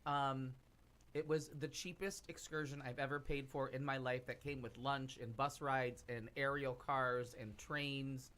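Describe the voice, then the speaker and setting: A man with a medium-pitched, slightly bright voice speaks a little slowly and flatly. As a podcast cast member on a talk show, he tells a long travel story in casual chat, rambling with plenty of asides.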